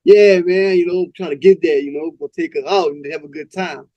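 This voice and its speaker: A man's voice: a little high, normal speed, no echo, muffled recording, natural voice. A man voicing a cocky young man on a date, talking brash and dismissive.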